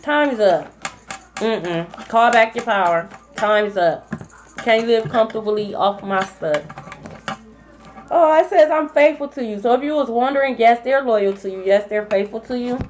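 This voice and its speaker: A woman reads tarot for her viewers in a high voice, blunt and profane. The sound is slightly dull and lo-fi. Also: measured pace, slight background noise. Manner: blunt, profane and animated, talking straight to viewers. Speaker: tarot reader. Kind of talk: casual tarot reading for viewers.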